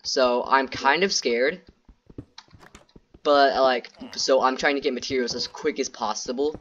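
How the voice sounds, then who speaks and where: Man, gaming commentary, nervous rambling, repeats himself, middle pitch, muffled lo-fi mic, faint keyboard typing behind. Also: unhurried, a bit bright, a little hiss or hum. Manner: jittery, rambling, repeats himself, talks to viewers as "guys". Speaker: gaming YouTuber. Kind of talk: Minecraft gameplay commentary.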